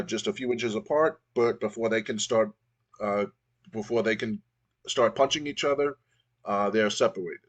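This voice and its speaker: A man casually narrating a wrestling game playthrough. He rambles, with many fillers and restarts. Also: on the low side.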